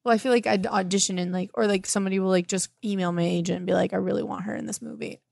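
Young woman host, gravelly voice, dry close sound, indignant comic banter. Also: mid-range voice, steady tone, racing, darkish tone, no room sound. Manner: indignant, laughing, says "like" a lot. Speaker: podcast host. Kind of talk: comedic podcast banter.

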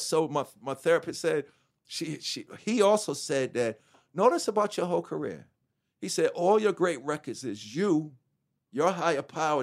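A middle-aged man, a rapper as interview guest, telling his story candidly with profanity, restarts and acted-out quotes of other people. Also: fairly high pitch. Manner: animated, profane, acts out quoted dialogue; halting restarts and self-corrections.

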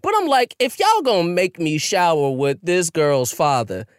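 Male podcast co-host, casual chat, lively swooping voice, dry close sound, profane and argumentative. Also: fairly high pitch, moderate pace, clear, resonant tone, no room sound. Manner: animated, laughing, profane, argumentative.

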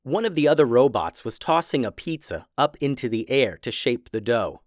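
A man narrating a children's story in an expressive, playful way. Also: mid-range voice, moderate pace, no room sound, clean studio sound.

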